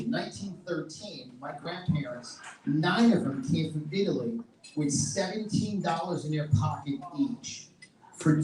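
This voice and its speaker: A middle-aged man with a New York accent giving a loud, passionate and combative speech at a live event. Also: fairly high pitch. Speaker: featured event speaker. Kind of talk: fiery political speech. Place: event hall with live audience. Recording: echoey room, mic at a distance, crowd audible.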